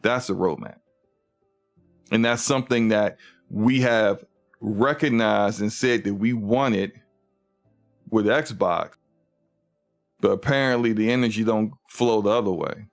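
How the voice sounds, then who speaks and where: A man hosting a casual gaming livestream, ranting in an animated, mocking way and reading out chat comments. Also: lowish voice, measured pace, vocal fry, pauses often, soft background music. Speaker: livestream host.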